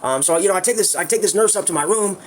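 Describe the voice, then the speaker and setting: High-voiced guy rambling crude on a livestream, talks super fast. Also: a little hiss or hum. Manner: rambling and crude, with many fillers. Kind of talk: casual storytelling on a livestream.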